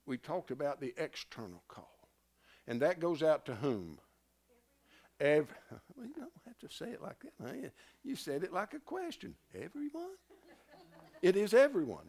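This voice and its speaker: A man teaching a Bible class in a loose, conversational way, often stopping to quiz his listeners and restarting his sentences. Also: medium pitch. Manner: animated, self-interrupting, asks the class questions.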